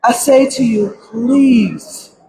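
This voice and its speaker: A middle-aged woman giving emotional public testimony at a press conference about her grief, pleading through tears and at times breaking into shouts. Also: a little high, drawn-out words, gravelly, rough recording. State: grief-stricken, close to crying. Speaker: grieving mother giving testimony. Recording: crowd noise at a press event.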